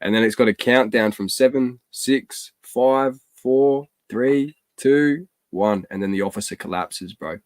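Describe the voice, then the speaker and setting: An excitable man chats casually as host, slangy and quick to swear, in a mid-pitched voice. His voice is close and dry, with no room sound. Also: no room sound. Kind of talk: casual chat.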